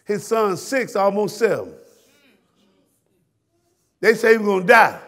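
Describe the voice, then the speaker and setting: A male pastor with a Southern US accent, preaching a fiery sermon that swings from shouted peaks to hushed drops. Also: high-pitched, lively intonation, unhurried. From Florida, US.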